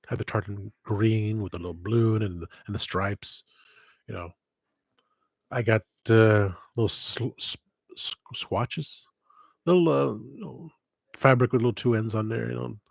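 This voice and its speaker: Through a headset with no echo, a man with a lowish, creaky voice hosts a casual livestream. He rambles off topic, self-interrupts, and adds wistful comments along the way.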